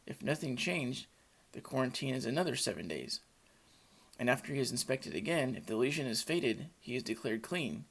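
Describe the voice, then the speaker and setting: A man giving a steady, scripted summary of scripture chapters as a bible study teacher. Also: mid-range voice, breathy edge. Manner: steady explanatory reading.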